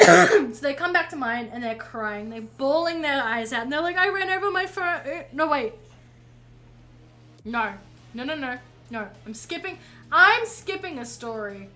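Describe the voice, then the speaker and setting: A woman's voice: high voice, lively intonation, a little slow, a bit bright, low-quality recording. A woman streaming while painting, telling a rambling story in casual chat and often correcting herself. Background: faint music.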